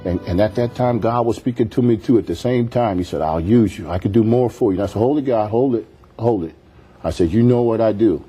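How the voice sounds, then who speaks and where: A man's voice: fairly low pitch, quick pace, hardly any pauses, dark tone, slightly rough, soft background music. A man, a pastor, telling his life story as a guest in a TV interview, earnest, acting out the quoted voices as he goes. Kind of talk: testimony in a TV interview.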